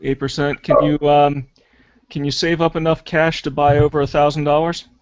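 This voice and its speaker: Man, panelist, practical advice, steady explaining, dry muffled call sound. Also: on the high side, normal speed, clear, resonant tone, no room sound. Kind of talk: casual live hangout chat. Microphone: video call. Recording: dry, dull lo-fi call audio.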